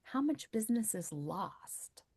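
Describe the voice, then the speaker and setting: A woman's voice: medium pitch, very animated, a little slow, a little mellow, husky, dry recording, studio quality. A woman in her fifties, a podcast guest talking in an emphatic, conversational way and repeating key points for weight. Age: 50s. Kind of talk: conversational interview.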